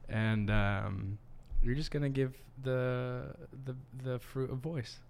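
A man's voice: medium pitch, slow pace, creaky, darkish tone, smooth. Easygoing man hosting a podcast. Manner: easygoing, laughs often. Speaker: podcast host. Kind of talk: casual chat.

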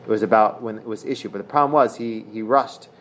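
Halting man explaining a Talmud passage. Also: fairly low pitch, fairly bright tone, slight background noise. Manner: halting, with many restarts, reads passages aloud then paraphrases. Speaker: Talmud study partner. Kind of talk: casual Talmud study session.

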